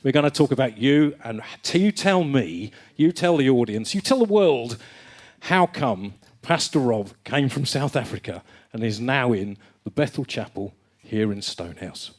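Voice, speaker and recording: A man's voice: medium pitch, expressive, moderate pace. Chatty man hosting a church live stream. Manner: chatty, jokey, loose with fillers. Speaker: band member and host of the live stream. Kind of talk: casual live-stream chat. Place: church during a live music evening.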